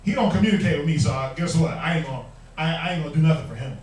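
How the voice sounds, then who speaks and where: A man's voice: on the high side, rapid-fire, a little mellow. A man teaching a Bible class, preaching emphatically with rhetorical questions and mocking quotes. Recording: echoey room, mic far off.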